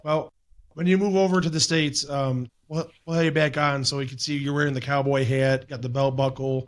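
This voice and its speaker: A man's voice: medium pitch, steady tone, a little fast. A man co-hosting a podcast, teasing the guest in a joking, casual way. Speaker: podcast co-host. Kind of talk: casual chat.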